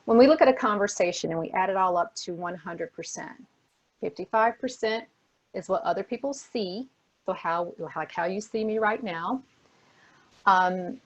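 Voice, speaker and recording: A woman's voice: medium pitch, normal speed, highs cut off. A woman delivers a motivational talk as a guest speaker, full of energy and leaning hard on her main points. She repeats key phrases for weight and talks straight to her young audience over a video call. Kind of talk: motivational talk to a youth forum.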